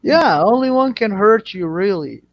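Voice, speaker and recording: A man from Iraq chats casually and swears freely while he spins crude stories. His voice sits a little high. The audio is muffled and lo-fi. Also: lively intonation, measured pace, dry recording. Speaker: channel host. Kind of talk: casual chat. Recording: dull lo-fi audio.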